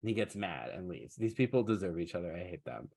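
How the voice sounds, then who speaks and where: A man's voice: deep voice, big pitch swings, fast talker, creaky, darkish tone, slightly rough. A man hosting a podcast in casual chat, retelling a story in a wry, sarcastic way and swearing freely. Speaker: podcast host.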